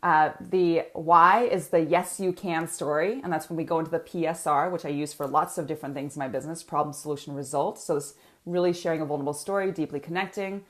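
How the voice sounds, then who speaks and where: Animated woman coach, laughing often. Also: sits low, quick pace. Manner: animated, laughs often, frequent filler words. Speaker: business coach teaching a training. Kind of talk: live online coaching training.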